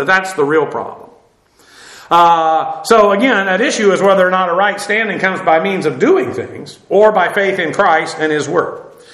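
Halting male Bible teacher, roomy sound. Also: high voice, bright, forceful tone. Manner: halting, many fillers and restarts, dry asides. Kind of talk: verse-by-verse Bible lesson.

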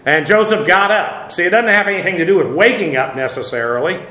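A man gives a verse-by-verse Bible lesson with a high, bright voice. He talks casually, with plenty of "uh"s and dry asides to his listeners. The room around him rings with echo. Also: fairly quick. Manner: conversational, many fillers, wry asides. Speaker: Bible teacher.

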